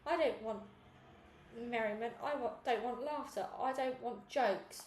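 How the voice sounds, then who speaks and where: A woman's voice: fairly high pitch, reverberant, slight background noise, close to an everyday voice. Woman voicing a pushy male TV director. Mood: brisk. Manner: brisk, dismissive, calls everyone sweetie.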